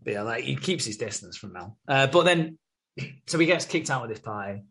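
A man's voice: mid-range voice, animated, normal speed, vocal fry, fairly bright tone, slightly rough. A young man chatting casually and swearing freely as he recaps soap scenes, briefly acting out the characters' lines. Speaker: podcast co-host recapping a soap. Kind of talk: casual chat.

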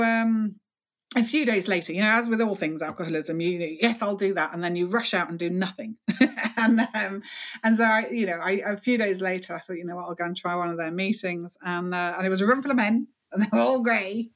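A middle-aged woman, talking frankly as an interview guest, wry and self-deprecating. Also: medium pitch. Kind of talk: candid interview talk.

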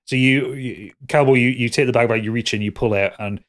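A man's voice: medium pitch, steady tone, brisk. A man narrating and running a tabletop role-playing game for friends, describing scenes in a rambling, casual way. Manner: rambling, restarts mid-sentence, laughs with players. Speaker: game master.

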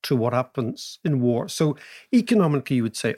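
A man, co-hosting a podcast in casual chat, telling lively anecdotes and explaining economics. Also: medium pitch, brisk. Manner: animated, laughing anecdotes. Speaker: podcast co-host.

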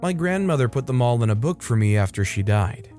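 Man reading stories over soft music. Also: mid-range voice, brisk. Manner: steady, conversational reading with brief personal comments. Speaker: narrator of online stories. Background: faint background music.

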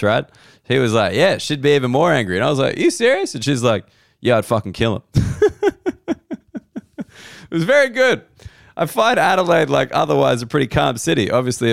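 Aussie comedian guy rambling thru a story, bit of fry in the voice, swears a lot, middle pitch. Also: no echo, studio quality. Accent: Australian. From Australia. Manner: wry, rambling, swears freely, frequent restarts. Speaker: comedian and podcast host.

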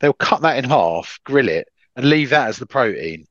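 Male co-host, lively swearing banter, swooping delivery, dry lo-fi sound. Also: normal speed, dry recording. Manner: animated, sweary, pitching ideas. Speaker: podcast co-host. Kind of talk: casual banter.

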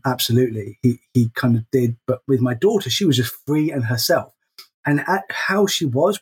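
A man's voice: medium pitch, breathy edge. A middle-aged man co-hosting a podcast in casual chat, earnest, often repeating words as he stresses a point. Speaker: podcast co-host.

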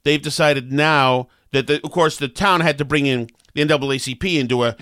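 A man's voice: a little high, a little fast, a bit bright, dry recording, studio quality. A man hosting a talk show with a New England accent, rambling and sarcastic with many fillers. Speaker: talk radio host. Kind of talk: opinionated casual talk.

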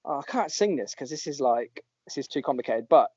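Giggly podcast host, mellow and a touch high, on dry lo-fi audio. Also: male voice, expressive, brisk, slightly rough, no echo. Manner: laughing, chatty, reading out listener tweets. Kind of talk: casual chat.

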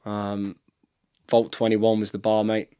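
A man's voice: lowish voice, monotone, unhurried, warm tone, clean tone. A man in his thirties, a rugby player chatting casually as a podcast guest, telling stories and saying "mate" all the time. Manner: chatty storyteller, says "mate" constantly. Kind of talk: casual chat.

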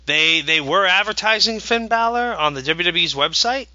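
A man's voice: high voice, animated, moderate pace, pushed and bright, dull audio. A man in his thirties, a podcast co-host, telling a rambling, eager story with many restarts. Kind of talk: casual podcast chat.

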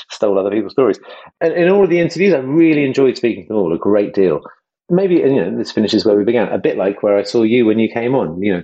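A man hosting a casual podcast conversation, enthusiastic and self-deprecating, slipping into quick impressions. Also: lowish voice, a little mellow, husky, lo-fi sound. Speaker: host and project creator.

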